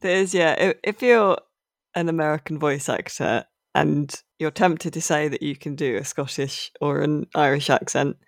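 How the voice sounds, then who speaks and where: A chatty speaker in a relaxed talk, with a dry, close sound and a mid pitch. They join in easily and add dry asides. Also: normal speed, vocal fry, no room sound. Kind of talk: casual chat about games.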